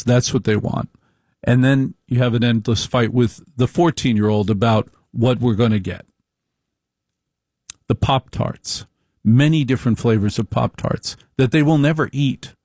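A middle-aged man with a gravelly, creaky voice, delivering a slow, wry monologue as host. He leans on repeated phrases, and the recording is dry and close. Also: mid-range voice, darkish tone, no room sound. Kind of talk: opinion monologue.

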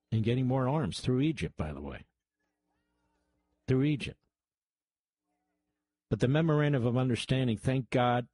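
Male talk radio host, emphatic commentary, mid-pitched voice. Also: a little mellow, no echo. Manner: emphatic, repeats points for stress. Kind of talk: political commentary.

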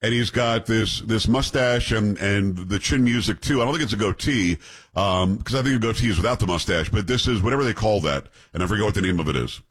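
Speaking a little fast with a breathy edge, this New York host has a voice on the low side. On his opinion show he walks through clips, heaping blunt scorn on them and tossing in many rhetorical asides.

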